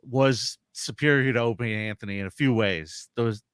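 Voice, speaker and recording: A man's voice: mid-range voice, normal speed, a bit bright, smooth, no room sound, studio quality. A man co-hosting a casual podcast, reading chat messages in a joking, self-mocking way. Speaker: podcast co-host.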